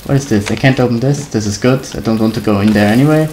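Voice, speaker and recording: A gaming video creator giving nervous let's-play commentary on a horror game, talking to themself and humming la-la to stay calm. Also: mid-range voice, fast, hardly any pauses, slight background noise, rough recording. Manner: nervous, talks to self, hums la-la to calm down.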